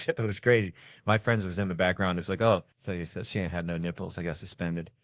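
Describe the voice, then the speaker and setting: A man doing stand-up, telling a childhood story in short, punchy, animated sentences. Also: deep voice, brisk, dry recording. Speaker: stand-up comedian.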